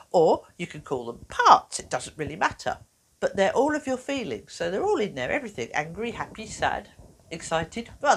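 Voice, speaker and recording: A woman presenting an educational video for children, talking in a playful, animated way. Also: mid-range voice, slightly rough. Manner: animated, playful, acts out little voices.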